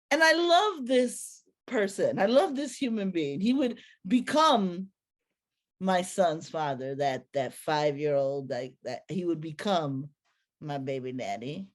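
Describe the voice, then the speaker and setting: A woman telling a personal story to an audience in a lively, slangy, conversational way. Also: lowish voice.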